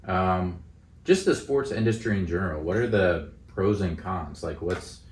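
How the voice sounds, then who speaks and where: Brief: male interviewer, very low voice, roomy room, mic far off. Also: lively intonation, a little slow. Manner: hesitant, rephrasing questions. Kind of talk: casual interview questions.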